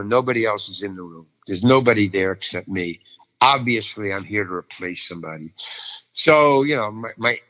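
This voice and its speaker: Recorded in poor audio with a big-room sound, an older actor restlessly relates an audition story, impersonating each figure and repeating himself frequently. His voice sits at medium pitch with a sharp tone, and the telling is lively.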